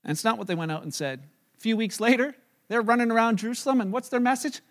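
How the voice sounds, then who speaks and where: A middle-aged male pastor preaching a sermon, telling the story with lively acted-out scenes and chuckling as he talks. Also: extremely high pitch, quick pace. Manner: chuckles while talking.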